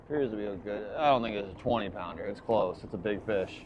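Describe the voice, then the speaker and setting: A man commercial fishing on a boat, live-streaming to his chat and swinging from hyped shouts to low muttering. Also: fast, crowd noise.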